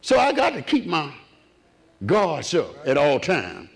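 Man, preacher, sermon, animated pitch, fairly high voice. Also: slow, vocal fry. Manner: impassioned call-and-response preaching, swinging from low murmurs to raised cries.

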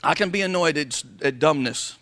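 A man preaching a sermon as pastor to his congregation, calling for amens and reading scripture slowly and loudly. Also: on the high side. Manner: preaching with call-and-response, slowing and rising to read scripture. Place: church sanctuary before a congregation.

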